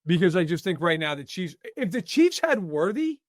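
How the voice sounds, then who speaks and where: A man's voice: high voice, very animated, normal speed, no echo, studio quality. A man giving blunt, opinionated football analysis in a casual podcast chat. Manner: emphatic, opinionated, many "like" fillers.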